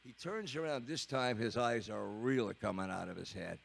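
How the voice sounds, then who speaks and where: A man's voice: mid-range voice, big pitch swings, moderate pace, creaky, pushed and bright, husky. A man in his seventies from Canada, a rock drummer telling a rambling, chuckling story on stage at a live studio concert. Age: 70s. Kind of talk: storytelling on stage between songs.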